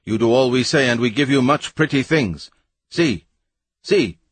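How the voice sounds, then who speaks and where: A man's voice: medium pitch, big pitch swings, slow pace, breathy edge, no echo, full character voice. A man voicing a pompous, blustering male scientist who barks broken pidgin at the locals in a storybook reading. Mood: shouting. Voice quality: loud, barking, condescending.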